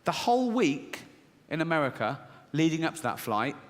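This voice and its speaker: A man doing a stand-up comedy routine, telling the story in an animated, sweary, self-mocking way. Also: on the high side, normal speed, long reverb tail.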